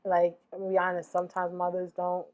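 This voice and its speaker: Woman, podcast co-host, affirming listener, lowish voice. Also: monotone, fairly quick, a little mellow. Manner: affirming listener, short agreeing replies. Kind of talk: casual supportive conversation.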